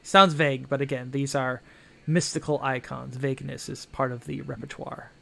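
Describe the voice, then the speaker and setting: A man narrating as game master of a tabletop game, halting and filling pauses with "uh" and "kind of". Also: medium pitch, fairly even intonation, vocal fry, fairly bright tone, a little hiss or hum. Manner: halting, full of fillers.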